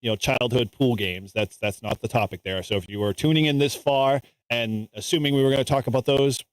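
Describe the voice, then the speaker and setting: Male podcast co-host, easygoing and chatty, mid-pitched, dry close recording. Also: a little fast, dry recording, poor audio. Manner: relaxed, laughs often, many fillers. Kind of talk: casual chat.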